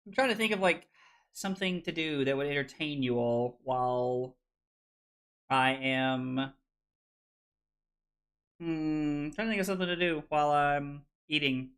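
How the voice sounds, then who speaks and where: A tipsy man streaming a card game, loud and joking, laughing often as he chats with viewers. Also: on the high side, measured pace, long pauses, clear, resonant tone. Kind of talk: rowdy livestream chat.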